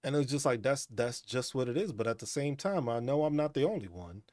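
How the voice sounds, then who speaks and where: A man's voice: mid-range voice, animated, brisk, a little mellow, no echo. Laid-back, profane man, dry sound. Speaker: streamer host. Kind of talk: casual chat.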